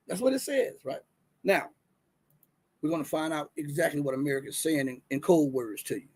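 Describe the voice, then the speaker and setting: Speaking at a moderate pace in a voice on the high side, a Southern US man hosts a casual livestream. He's animated, talks right to his viewers, and reads from the screen through many restarts and fillers.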